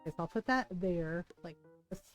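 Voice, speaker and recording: A woman's voice: on the low side, expressive, fairly quick, faint music behind. A woman streamer chatting casually and rambling through stories while playing. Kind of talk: casual gameplay chat.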